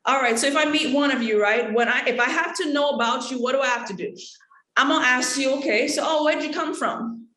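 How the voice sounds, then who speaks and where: A woman acting teacher taking questions in an online workshop, explaining in a lively way and acting out short examples. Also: sits high, quick pace, reverberant. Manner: lively, acts out examples with laughter.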